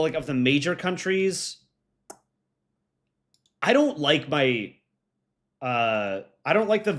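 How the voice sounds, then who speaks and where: A young American man chatting casually on a live stream as its host, relaxed and full of ums and likes. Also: mid-range voice. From United States. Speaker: streamer and voice actor.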